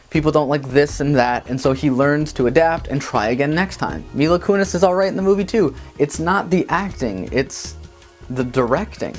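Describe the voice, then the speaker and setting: A man hosting a casual movie review vlog from a green-screen studio, talking in a sarcastic, mocking way. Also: a little high. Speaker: film reviewer and show host.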